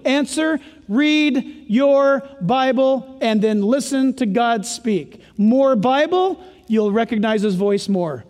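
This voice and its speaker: Male preacher, high voice, emphatic sermon, long hall reverb. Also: slow pace, hardly any pauses. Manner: emphatic, exclamatory, swings from loud to hushed.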